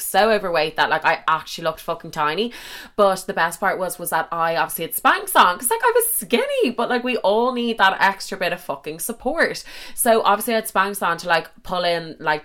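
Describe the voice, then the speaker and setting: A woman's voice: lowish voice, fairly bright tone. A young woman casually telling a rambling, crude story as a podcast host, full of swearing and fillers.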